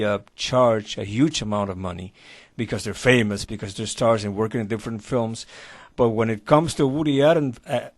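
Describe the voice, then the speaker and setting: Halting male interview host. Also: medium pitch, no room sound, clean studio sound. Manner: halting, many uhs and repeated words. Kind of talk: casual interview questions.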